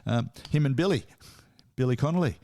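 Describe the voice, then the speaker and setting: A man's voice: medium pitch, lively intonation, brisk, dark tone. Chatty man hosting a music podcast. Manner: chatty, storytelling, with asides and laughter. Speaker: podcast co-host. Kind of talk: casual music podcast chat.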